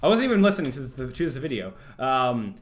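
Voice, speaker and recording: A man's voice: mid-range voice, very animated, fast talker. A young man from Canada streaming live, chatting casually and rambling with many fillers and stammered restarts. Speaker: livestreamer.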